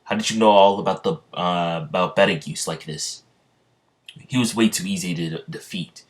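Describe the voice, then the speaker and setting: Man reading as a stern suspicious knight, low voice, bossy and accusing. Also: normal speed, lightly acted. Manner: accusing, commanding.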